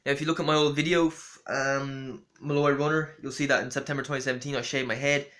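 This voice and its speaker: A man's voice: medium pitch, little pitch movement, fast, fairly bright tone. A young man rambling through a casual storytelling monologue with lots of fillers and restarts. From Ireland. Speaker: vlogger.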